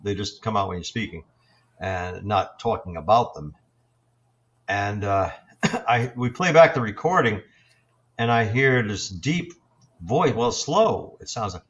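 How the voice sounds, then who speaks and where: A man in his sixties, a paranormal investigator, telling his experiences in a halting, reflective way with many fillers and restarts. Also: lowish voice, a bit bright, muffled recording. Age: 60s. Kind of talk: storytelling in an interview.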